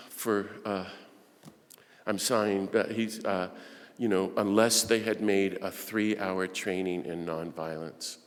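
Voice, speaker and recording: Impassioned man preaching in a reverberant hall. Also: low-pitched. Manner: impassioned, rhetorical questions, swings from hushed to loud. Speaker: speaker addressing Christian peacemakers. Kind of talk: preaching talk on nonviolence. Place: large hall with audience.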